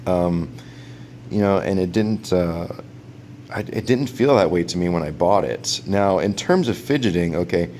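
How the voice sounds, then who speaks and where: A man's voice: deep voice, expressive, unhurried, darkish tone, a little hiss or hum. A man casually reviewing a gadget in a vlog, rambling with lots of fillers and restarts and frequent chuckles. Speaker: product reviewer.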